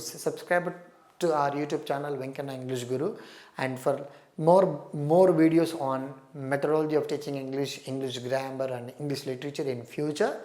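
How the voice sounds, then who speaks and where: Woman, exam coaching teacher, explanatory, repeats terms, low voice, echoey room. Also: darkish tone. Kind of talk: recorded exam-prep lecture. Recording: roomy echo.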